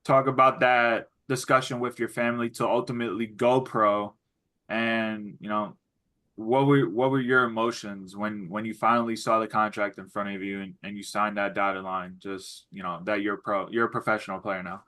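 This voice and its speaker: A male interviewer leads a casual conversation, asking long, winding questions that restart as he goes. His voice sits fairly low but sounds bright and forceful. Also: flat delivery, moderate pace.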